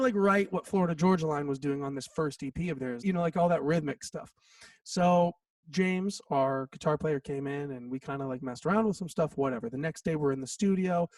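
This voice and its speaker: A songwriter in his thirties, appearing as a guest in a casual interview, tells an animated story, acting out quotes and saying "like" often. His voice is on the high side, captured by a distant mic with no room sound.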